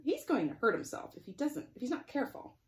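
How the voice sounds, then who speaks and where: A woman's voice: sits high, sing-song, fast talker, reverberant, voice pushed up. A woman voicing a worried female sheep from a picture book, fretful and cautioning.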